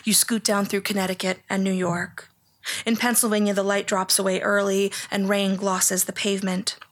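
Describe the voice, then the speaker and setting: A woman reading a memoir aloud in second person, in a hushed, even delivery that at times drops toward a whisper. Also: medium pitch, normal speed. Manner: hushed, flat, sometimes close to a whisper. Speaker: audiobook narrator.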